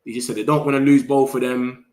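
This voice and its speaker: A young man runs a casual live stream. He talks fast and slangy straight to the people in his chat and gets excited easily. His voice sits at a middle pitch. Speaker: football livestream host.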